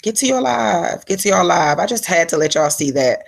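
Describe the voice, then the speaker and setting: A woman's voice: lowish voice, expressive, moderate pace, gravelly. A woman hosting her own live stream, telling a story in a chatty, slangy way and breaking off to answer her viewers. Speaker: livestream host. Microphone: phone and laptop setup.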